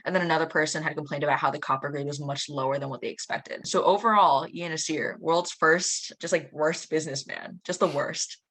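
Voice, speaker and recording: A woman's voice: deep voice, a little fast, hardly any pauses, a bit bright. A teenage girl hosting a casual podcast, rambling and giggling often. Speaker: podcast host. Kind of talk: casual chat.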